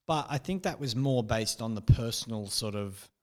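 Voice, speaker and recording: A man's voice: medium pitch, animated, normal speed. A man co-hosting a casual fan podcast, laughing often and acting out quoted lines in put-on voices. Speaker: podcast co-host.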